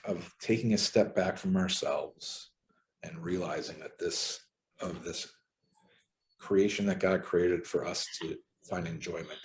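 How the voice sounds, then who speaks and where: Low-pitched man leading a casual book study over a video call, relaxed and chatty. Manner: relaxed, conversational, uses filler ums. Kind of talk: casual group discussion. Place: home.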